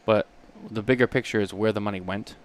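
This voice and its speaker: Low smooth-voiced podcast co-host. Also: male voice, fairly even intonation. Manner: halting, many restarts and fillers. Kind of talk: casual chat.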